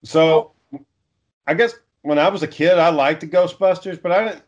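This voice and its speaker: A man's voice: a little high, moderate pace. A man chatting casually with friends, rambling and swearing as he goes. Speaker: friend in group chat. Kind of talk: casual chat. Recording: dull lo-fi audio.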